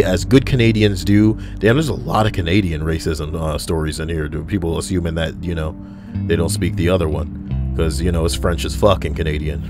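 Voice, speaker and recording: Lively low-voiced man reading stories. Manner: animated, swears, side comments. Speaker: online video host. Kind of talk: reading stories aloud with asides. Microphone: desk microphone. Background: soft background music.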